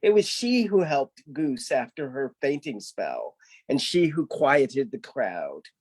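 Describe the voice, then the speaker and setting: A man's voice: medium pitch, very animated, slow pace, darkish tone, husky. A man reading his own folk-tale story aloud, narrating animatedly.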